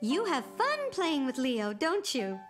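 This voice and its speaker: A gentle, patient grandmother for a preschool cartoon, speaking in a high, bright register. Her speech rises and falls in a lively, lilting way as she coaxes and encourages. Faint children's music plays underneath. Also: measured pace. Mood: coaxing. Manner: soft, coaxing and encouraging. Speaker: cartoon voice actor. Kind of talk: cartoon dialogue.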